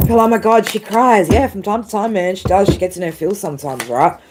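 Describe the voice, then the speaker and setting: A woman's voice: medium pitch, brisk, background noise. A woman doing a live tarot stream, tearful and emotional, swearing freely and tagging lines with "right?" and "man". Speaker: tarot reader.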